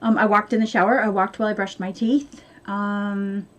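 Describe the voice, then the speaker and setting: A woman's voice: medium pitch, flat delivery, moderate pace. A woman vlogging from home in a rambling, chatty way, full of fillers. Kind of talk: casual chat to camera.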